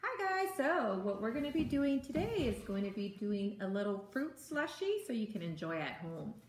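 A woman teacher showing children a simple recipe, giving clear step-by-step instructions. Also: medium pitch, sing-song, moderate pace. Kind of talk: cooking demonstration for children. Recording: echoey room with faint noise.

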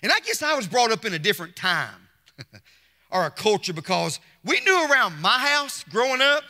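A man's voice: high-pitched, big pitch swings, moderate pace, pushed and bright. A middle-aged man, preaching a Mother's Day sermon from the pulpit with emphatic repetition and call-outs to the congregation. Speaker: pastor. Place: church sanctuary. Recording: long church hall reverb.

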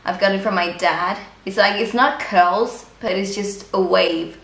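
A woman's voice: mid-range voice, gravelly. A young woman from Denmark, a native Danish speaker, chatting casually to camera as a beauty vlogger in a room at home, bubbly and gushing. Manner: bubbly, gushing, quick asides to viewers. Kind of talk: casual vlog talk to camera. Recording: echoey room.

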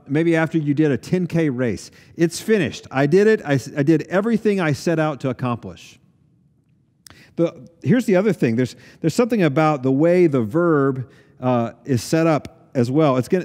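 A man's voice: mid-range voice, darkish tone. A male pastor giving a pre-recorded sermon in an earnest, conversational way, often restarting his words. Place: church sanctuary. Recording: long hall reverb.

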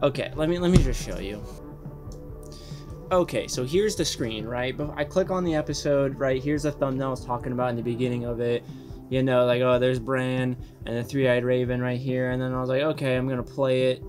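Excitable young man ranting casually. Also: mid-range voice, fairly quick, soft background music. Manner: excitable, swears a lot, rambling. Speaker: reaction channel host. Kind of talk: casual commentary.

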